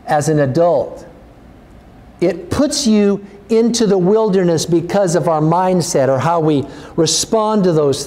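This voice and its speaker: A male pastor preaching a sermon, earnest and urging, his voice rising as he exhorts the congregation. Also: a little mellow. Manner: earnest, urging, rises in pitch when exhorting.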